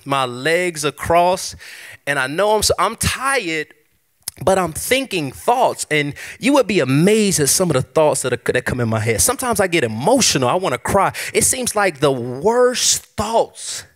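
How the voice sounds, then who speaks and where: A man preaching at a church service in a loose, conversational way, sharing his own mornings with the congregation. His voice sits fairly high and rises and falls broadly as he talks, lively and animated throughout. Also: normal speed. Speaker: pastor. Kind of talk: sermon.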